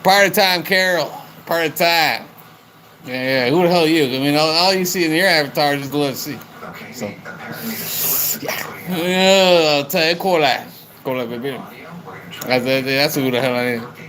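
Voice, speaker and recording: A man's voice: a little high, normal speed, pauses often, a bit bright, low-quality recording. A young man livestreaming, chatting loosely with viewers, calling them by name, rambling and swearing a lot. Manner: rowdy, repetitive, swears a lot.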